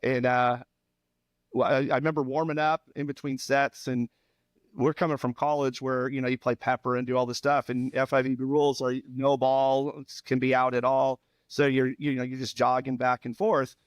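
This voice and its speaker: A man in his fifties, a former volleyball player, telling animated stories on a podcast with laughs and acted-out quotes. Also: mid-range voice, normal speed, no echo. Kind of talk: casual storytelling chat.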